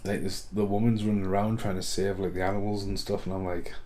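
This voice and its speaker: A man's voice: sits low, flat delivery, fast, a little mellow. A man rambling casually through a film review vlog, swearing a lot and laughing at the films.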